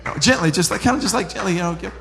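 A man. His voice sits very high and rings bright and forceful. He swings between loud preaching and hushed, chatty storytelling. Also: racing, vocal fry. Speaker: pastor. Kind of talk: sermon.

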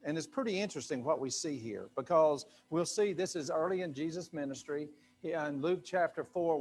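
A male pastor preaching to a live congregation in a loose, conversational way, full of fillers and asides. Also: fairly high pitch. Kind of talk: sermon. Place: church sanctuary with a live congregation.

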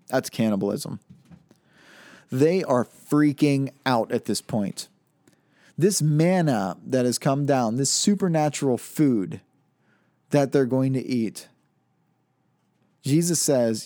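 A man teaches from the Bible, reading the passage out and then explaining it in easy, conversational speech full of rhetorical questions. His tone is warm and mellow. The recording is dry and close, with no room sound. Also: mid-range voice, animated, unhurried, pauses often, no echo. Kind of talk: reading scripture aloud and explaining it.

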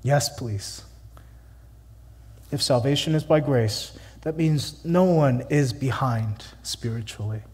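A man's voice: mid-range voice, a little slow, hardly any pauses, a little mellow, husky, in a large hall. A man preaching a sermon in a church, emphatic and conversational, with many rhetorical questions. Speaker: pastor.

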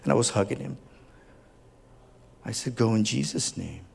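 A man's voice: fairly low pitch, expressive, normal speed, gravelly, a little mellow, breathy edge. A man preaching a sermon as a pastor, speaking earnestly and tenderly, building at times to fervent emphasis. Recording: long hall reverb.

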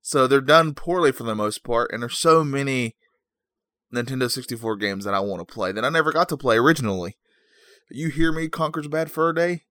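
A man's voice: mid-range voice, pushed and bright, dry recording, clean studio sound. A man hosting a podcast in a casual, rambling chat, goofy and self-mocking, just awake. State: just woken up. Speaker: podcast host.

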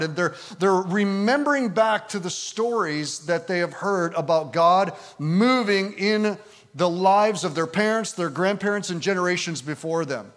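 A man in his fifties, a pastor, preaching a conversational sermon with frequent "and, uh" fillers, slowing down to read scripture. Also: sits high, fairly bright tone. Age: 50s. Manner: slows and lifts his voice when reading scripture. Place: visiting church service in the evening.

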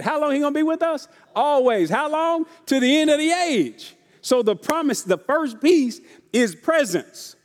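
A man preaching a sermon to his congregation, with casual, folksy call-and-response delivery that keeps asking the room if they are ready. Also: high-pitched. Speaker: pastor. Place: church sanctuary. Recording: long reverb of a large church hall.

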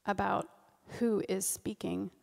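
A woman's voice: medium pitch, fairly even intonation, takes it slowly, gravelly. A woman giving an informal, earnest sermon at a church service, often repeating and restarting her phrases. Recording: long reverb of a church hall.

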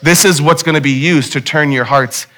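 God as a calm, casual male voice, bright and direct , played by a preacher. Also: a little high, normal speed, faint music behind. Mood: firm. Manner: casual, matter-of-fact. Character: God, male, matter-of-fact and reassuring.

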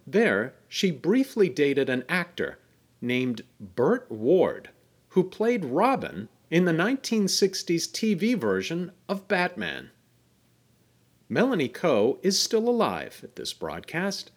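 Man, podcast host, reading his script with a wry, explanatory manner and a lively voice. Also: on the high side, takes it slowly, husky.

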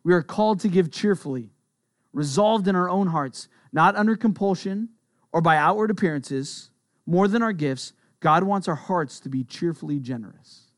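A high-voiced pastor preaches a sermon in an easy, conversational way, speaking earnestly and dropping in quick asides. The sound is dry and close, with no room echo.

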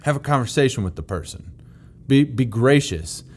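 A man's voice: mid-range voice, expressive, moderate pace, darkish tone, slightly rough. A man teaching through a Bible passage in a conversational, plain-spoken way. He is emphatic and repeats key phrases to drive them home.

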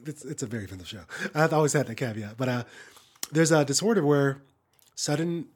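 A man's voice: mid-range voice, fairly quick, darkish tone. A man co-hosting a podcast in casual conversation, loose and rambling, full of "you know" and "I mean" asides. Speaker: podcast co-host, improv performer.

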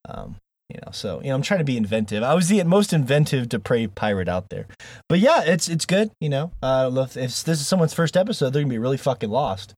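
A man's voice: mid-range voice, very animated, quick pace, darkish tone, dry recording. Jokey, rambling male podcast host. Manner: jokey, laughs often, rambling. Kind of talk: casual chat.

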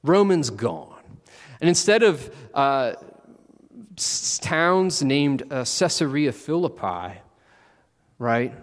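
A man's voice: medium pitch, very animated, takes it slowly, long pauses, in a large hall. A man preaching a conversational sermon, acting out the disciples with playful asides.

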